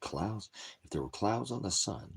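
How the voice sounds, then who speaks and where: A man's voice: lowish voice, expressive, normal speed, gravelly, husky. A man chatting casually in the desert for an outdoor cooking vlog, talking with his mouth full between bites. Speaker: vlogger.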